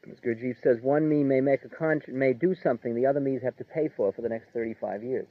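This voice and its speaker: A man giving an informal spiritual lecture in a relaxed, conversational way, chuckling and filling his talk with "like" and "you know.". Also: mid-range voice, quick pace, no echo. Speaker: spiritual teacher. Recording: tinny narrow-band dry recording.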